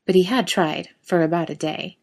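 A woman reading a story aloud in a steady, even way. Her voice sits somewhat low for a woman. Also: normal speed. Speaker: narrator.

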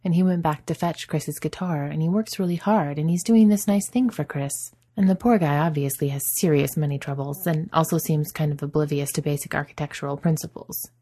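A woman narrating a story in a soft, even storytelling manner. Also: deep voice, brisk, hardly any pauses. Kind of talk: audiobook narration.

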